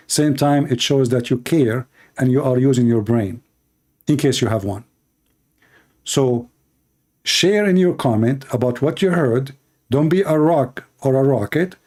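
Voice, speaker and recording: Male streamer, hoarse, mellow low-toned voice, scolding and preachy sign-off. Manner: scolding and preachy, with slow emphatic repetition. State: hoarse, losing his voice. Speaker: host of a live-streamed religious debate channel.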